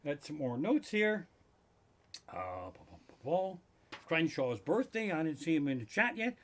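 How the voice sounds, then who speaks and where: A middle-aged man hosting a live stream from his living room, telling a profane comic story that builds into loud, swearing rants. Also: a little high, very animated, measured pace, slight background noise.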